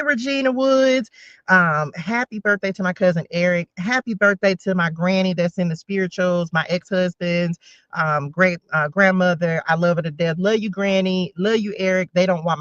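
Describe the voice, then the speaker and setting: A woman's voice: on the low side, fairly bright tone, no room sound, highs cut off. A woman in her forties giving a casual spiritual tarot reading, chatting straight to her viewers with rambling side notes. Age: 40s. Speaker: tarot reader.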